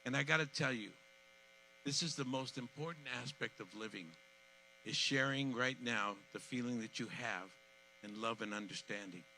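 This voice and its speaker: A man of eighty speaking as master of ceremonies at an outdoor community event, heartfelt and emotional, repeating words and swinging from soft to loud. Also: medium pitch, moderate pace, slight background noise, poor audio. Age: 80s.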